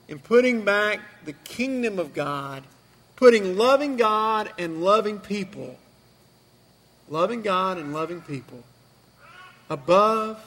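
A man's voice: high-pitched, a bit bright. A man preaching a sermon in a church, emphatic and repeating phrases for effect. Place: church sanctuary. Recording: long reverb from a church hall.

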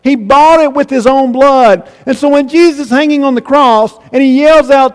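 A man preaching a sermon, emphatic and slowing right down on key phrases. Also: extremely high pitch. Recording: long reverb in a big room.

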